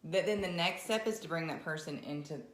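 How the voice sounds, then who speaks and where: A woman with a Southern US accent talking candidly and reflectively as a podcast co-host, often pausing and restarting. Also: low-pitched, echoey room. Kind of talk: casual conversation.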